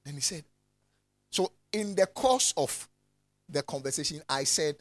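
A man preaching a lively sermon, swinging from loud calls to soft asides and laughing often. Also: fairly high pitch, a little slow, pauses often, no echo.

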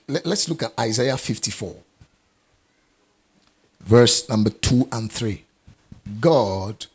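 Male preacher, husky voice, animated pitch, deliberate emphatic delivery. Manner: emphatic, repeats key phrases, asks the congregation questions. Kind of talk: sermon.

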